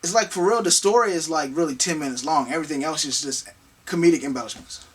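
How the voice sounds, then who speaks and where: A man's voice: a little high, quick pace, slightly rough, far from the mic. A man co-hosting a casual movie review chat, rambling and slangy, with a taste for big words. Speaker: co-host of movie review show.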